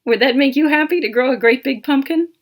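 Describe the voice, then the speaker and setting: A woman reading a picture book aloud to small children in an animated, interactive way. She asks questions, points out details and counts along with them. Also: sits high, a little fast. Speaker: storytime reader.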